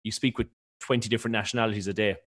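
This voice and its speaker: A man from County Limerick with a mild Irish accent, a radio presenter answering interview questions in a rambling, quick, self-correcting way. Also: on the low side, steady tone, a bit bright. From Ireland, County Limerick. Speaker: radio presenter and stage co-host.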